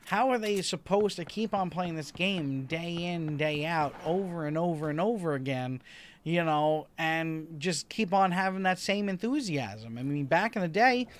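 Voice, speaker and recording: A man giving relaxed, rambling commentary over his own gameplay, a little stuffy from a slight cold. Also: fairly high pitch, a little slow. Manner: laid-back, rambling, chuckles to himself. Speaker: gaming video host.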